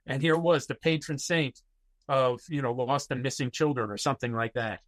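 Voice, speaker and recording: A man's voice: mid-range voice, steady tone, moderate pace, dry recording. A man guest on a podcast, telling personal stories in a rambling way with many fillers and restarts. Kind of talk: casual interview storytelling.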